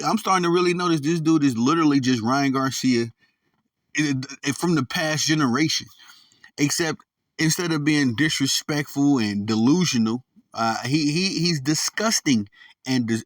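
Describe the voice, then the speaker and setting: A man hosting a podcast, ranting with slangy, animated commentary and stumbling repeats when heated. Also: on the high side, moderate pace, no room sound, distant mic. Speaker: podcast host. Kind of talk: opinionated commentary rant.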